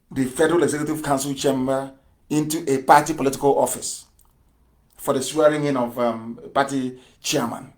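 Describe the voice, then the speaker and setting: A man giving a live radio address, fiery and mocking, firing off rhetorical questions and swinging from loud outbursts to low mutters. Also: steady tone, normal speed. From Nigeria. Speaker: broadcaster.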